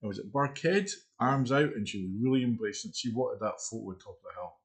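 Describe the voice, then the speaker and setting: A middle-aged man co-hosting a casual live chat show, chatty and quick to laugh. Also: on the low side, lively intonation. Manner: chatty, laughs often, reads out quotes.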